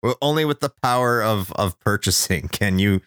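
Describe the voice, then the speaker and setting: A man's voice: on the low side, expressive, normal speed, a bit bright, smooth, dry recording, studio quality. A man co-hosting a casual podcast chat, ranting sarcastically and swearing often. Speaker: podcast co-host.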